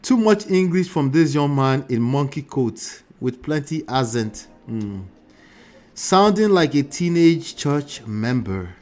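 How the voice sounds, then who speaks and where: Animated man hosting a reaction. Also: mid-range voice, slow pace, faint music behind. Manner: animated, mocking, laughs often. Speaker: host reacting to a video with live chat. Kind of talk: live reaction commentary.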